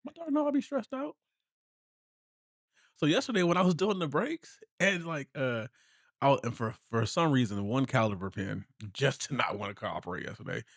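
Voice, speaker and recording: Man, thirties, relaxed storytelling, frequent laughs, dry close sound. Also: mid-range voice, moderate pace, dry recording. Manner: laid-back storytelling, laughs often. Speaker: podcast co-host. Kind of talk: casual chat.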